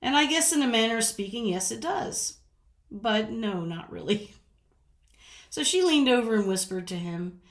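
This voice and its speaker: A woman's voice: a little high, expressive, moderate pace. A woman from the American South telling rambling stories in a casual chat, laughing often. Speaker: vlogger. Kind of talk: casual storytelling. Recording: roomy echo.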